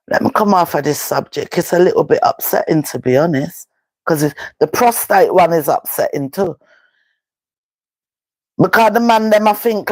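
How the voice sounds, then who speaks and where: A woman's voice: fairly low pitch, darkish tone, no room sound. A Jamaican woman vlogging live in casual patois-laced chat, emphatic and full of rhetorical questions.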